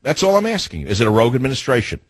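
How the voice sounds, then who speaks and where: Husky combative talk radio man. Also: mid-range voice, wildly swooping pitch, rapid-fire, dry recording, low-quality recording. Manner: combative, indignant, heavy rhetorical questions. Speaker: radio talk show host. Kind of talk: political talk radio monologue.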